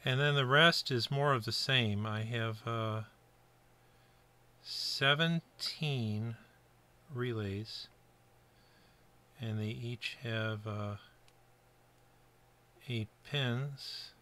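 Middle-aged american guy from buffalo, bright kinda forward voice, easygoing rambly workbench talk. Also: mid-range voice, very slow, pauses often. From Buffalo, New York area, US. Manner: chatty, rambling asides with fillers. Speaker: kit-building hobbyist. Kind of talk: casual workbench narration.

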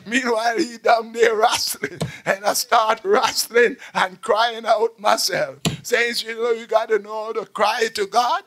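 A man preaching a call-and-response sermon, swinging from shouts to near-whispers as he tells stories. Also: sits high, unhurried.

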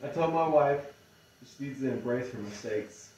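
A man's voice: mid-range voice, normal speed, a little mellow, heavy reverb, recorded from a distance, poor audio. A man trading dad jokes over drinks in casual, teasing banter, often laughing. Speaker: joke-telling drinking game player.

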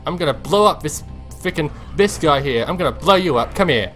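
Quick and fairly high-pitched, this gameplay commentator narrates a let's-play for his audience while muttering to himself. Soft music plays underneath. Anything that startles him draws an excited yelp and a curse.

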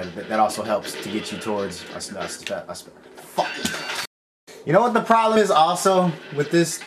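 Frustrated swearing man over game music. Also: mid-range voice. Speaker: let's play gamer. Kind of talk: casual gameplay commentary.

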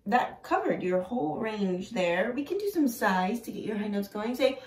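A woman leading an online singing group through vocal warm-ups with cheerful, encouraging instructions. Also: mid-range voice, very animated, moderate pace. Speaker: singing circle leader and vocal coach. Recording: roomy sound from a distant mic.

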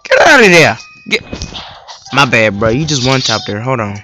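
A young man giving casual, excitable gameplay commentary as a gaming video host, trash-talking other players in slang. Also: mid-range voice, moderate pace, noisy background. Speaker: gaming YouTuber. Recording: loud game music behind. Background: loud game music.

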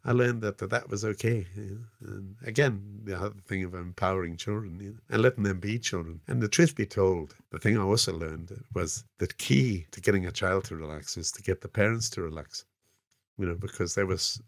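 A man's voice: low-pitched, a little fast, vocal fry, no room sound, clean studio sound. A man in his sixties with a South African accent, telling rambling stories as a podcast guest. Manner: rambling, frequent "you know" fillers. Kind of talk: casual anecdotal storytelling.

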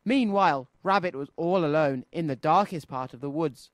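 A man presenting a children's radio show, reading a storybook aloud in an expressive, sing-song way. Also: on the high side, normal speed, no echo.

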